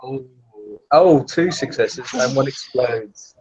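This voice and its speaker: A man's voice: medium pitch, darkish tone. Guy running a tabletop game, lots of uhs and restarts, mid voice, lo-fi muffled recording. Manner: halting, laughing, with many fillers. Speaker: game master. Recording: dull lo-fi sound.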